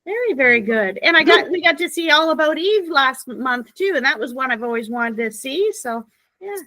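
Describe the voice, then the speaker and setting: A woman joins the conversation as a guest, speaking with a high, bright voice. She sounds eager and exclaims often, and the recording is dry and close. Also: lively intonation, normal speed, no room sound. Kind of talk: casual chat.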